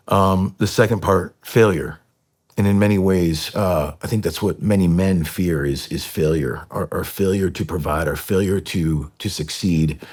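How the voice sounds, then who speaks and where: A middle-aged man speaking as a podcast guest, telling an emotional personal story in an earnest, halting way with many fillers and restarts. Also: low-pitched, a little mellow, slightly rough. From United States.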